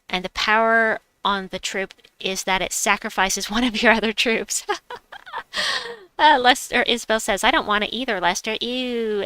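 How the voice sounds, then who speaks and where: A woman's voice: mid-range voice, pushed and bright, clean tone, dry recording. A middle-aged woman hosting a game live stream, chatting casually, reading chat aloud and laughing at herself. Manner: chatty, giggly, self-mocking. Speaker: livestream gamer host.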